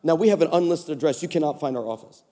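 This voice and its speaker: A man preaching a sermon at a conference, telling stories and building to shouts. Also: on the high side, quick pace. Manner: storytelling, animated, rising to shouts. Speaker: pastor. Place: conference stage in a large hall. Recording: echoey large hall.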